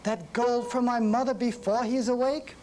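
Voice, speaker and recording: A man voicing young Jack, speaking in a hushed whisper. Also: medium pitch, steady tone, normal speed, noisy background, voice pushed up, close to an everyday voice. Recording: reading with instruments playing.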